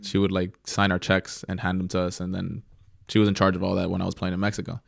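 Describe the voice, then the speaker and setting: Young guy, low gravelly voice, chatting about his goalkeeping days, dry close sound. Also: fast talker, dry recording. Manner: animated when quoting others, reflective. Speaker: professional goalkeeper guest. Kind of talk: casual interview storytelling.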